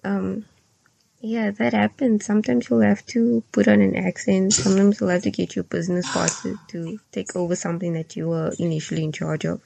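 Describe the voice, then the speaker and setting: A young woman from South Africa co-hosting a casual podcast, explaining step by step in a measured way. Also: mid-range voice, steady tone, creaky, mellow. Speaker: podcast co-host. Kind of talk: casual chat.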